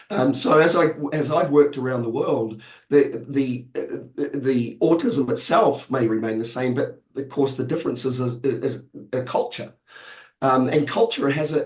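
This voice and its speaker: A man with a New Zealand accent, hoarse and croaky from being unwell, talking as a guest in a webinar with many fillers and restarts. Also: medium pitch, darkish tone, roomy sound. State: hoarse from illness. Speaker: panel guest. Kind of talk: webinar discussion.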